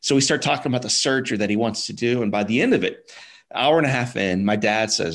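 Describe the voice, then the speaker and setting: A man telling a personal story as a podcast guest, in a mid-range voice that is neither high nor low. His delivery is casual and emphatic. He drops "like" and "dude" into his sentences, and he stumbles over repeated words when he gets emotional. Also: fast, a bit bright.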